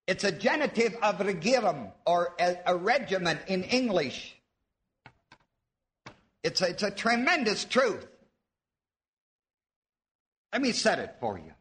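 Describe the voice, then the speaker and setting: A man preaching to a live congregation with a high, bright voice that swoops up and down a lot. He teaches at an unhurried pace, quizzing his listeners and leaning hard on key words. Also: big pitch swings. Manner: teaching, asks the audience questions, stresses words slowly. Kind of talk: sermon. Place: church before a live audience.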